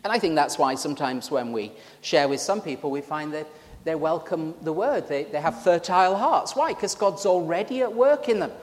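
A man's voice: fairly high pitch, expressive, moderate pace, darkish tone, big-room sound. A man with a Yorkshire accent preaching an informal, joking sermon and chatting with his congregation during a church service. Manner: chatty, joking, self-deprecating.

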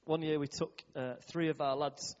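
Man, church youth worker, loose storytelling talk, brightish pitch, dull boomy hall sound. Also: steady tone, normal speed. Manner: chatty, laughing often, many fillers.

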